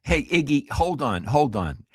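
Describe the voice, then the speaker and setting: Blunt eighty-year-old man, lively pitch. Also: measured pace, breathy edge, dry recording. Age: 80s. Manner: blunt, swears, animated. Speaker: co-host, veteran sportswriter. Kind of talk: casual sports talk.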